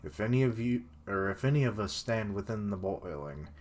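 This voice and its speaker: A man reading as a calm, resolute samurai lord. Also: on the low side, normal speed. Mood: solemn.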